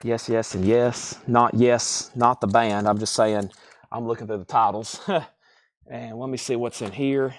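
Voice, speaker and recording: A man hosting a live record sale stream, briskly calling out titles and prices, slightly out of breath. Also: medium pitch, fairly even intonation. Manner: brisk auctioneer-style patter, calling out prices.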